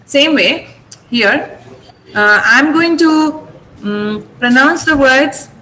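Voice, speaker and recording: An Indian English woman teaching an online class, her voice a little high. She speaks slowly and repeats each word as she drills pronunciation. The room is echoey, with a faint hiss behind her. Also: bright, forceful tone. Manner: slow, deliberate, repeats words for pronunciation drills.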